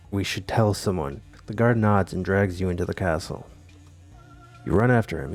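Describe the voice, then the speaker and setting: A man reading a text adventure game aloud and adding wry, deadpan comments between lines. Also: low-pitched. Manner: wry, deadpan asides with laughs. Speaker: gamer playing a text adventure.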